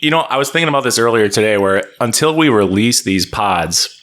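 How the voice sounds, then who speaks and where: A man's voice: on the low side, expressive, a little fast, fairly bright tone. A man co-hosting a podcast in casual chat over a remote call, joking and rambling and laughing often. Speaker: podcast co-host.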